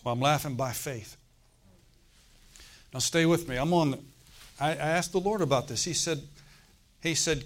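A middle-aged man preaching a sermon, telling a personal story with loud bursts and acted-out laughter. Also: fairly high pitch, a little slow, pauses often.

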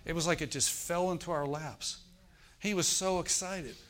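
A man's voice: a little high, moderate pace, fairly bright tone. A middle-aged male pastor delivers a sermon from the pulpit. He declares prayers with fervor, then turns to telling stories to his congregation in a plain, direct way. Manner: fervent, declaring prayers and storytelling. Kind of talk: sermon with call-and-response prayer.

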